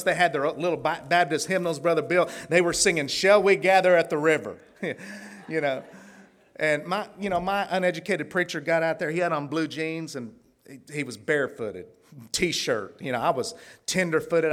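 A man from Tulsa, preaching a testimony sermon in a folksy storytelling way, laughing often and swinging between hushed and fervent. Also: on the high side. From Tulsa, Oklahoma.

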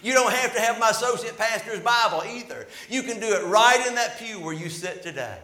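Pastor, male, sermon with storytelling, rises to loud peaks and falls quiet, fairly high voice, echoing sanctuary. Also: lively intonation, fairly quick. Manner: storytelling preacher, swells loud and drops soft. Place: church sanctuary. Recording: echoey church hall.

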